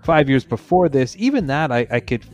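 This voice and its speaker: A man hosting a casual album discussion, talking in animated bursts and interrupting himself often. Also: medium pitch, normal speed, muffled recording, soft background music. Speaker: podcast host.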